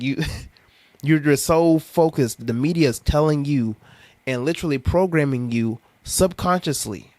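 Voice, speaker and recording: A man's voice: medium pitch, no room sound. Sarcastic ranting young man, dry sound. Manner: animated, sarcastic, preachy with laughs. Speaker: commentary vlogger. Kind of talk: ranting monologue to camera.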